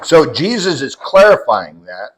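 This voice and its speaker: Man, slightly high voice, Bible study leader, casual explaining, group setting. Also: big pitch swings, unhurried, low-quality recording. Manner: explaining, pointing out Greek words.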